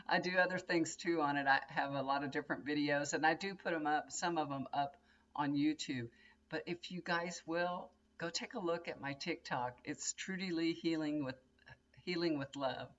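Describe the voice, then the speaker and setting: A woman's voice: low-pitched, moderate pace, dull audio. Chatty older woman. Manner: rambling, chatty storytelling with laughs. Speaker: tarot reader and vlogger. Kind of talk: casual chat to camera. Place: bedroom at home, indoors.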